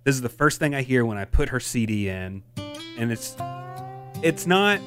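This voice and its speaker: An easygoing man guiding a relaxed podcast conversation, calling on each friend in turn. His voice sits at a middling pitch, and he keeps the chat moving along. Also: moderate pace, soft background music. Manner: easygoing, moderating the round-robin. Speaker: podcast co-host leading the rankings.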